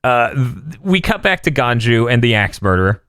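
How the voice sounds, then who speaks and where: A man's voice: mid-range voice, sing-song, normal speed, fairly bright tone, clear, resonant tone, no echo, clean studio sound. A man hosting a podcast, recapping an episode casually with frequent laughter and swearing. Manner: laughing, profane storytelling. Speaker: podcast host.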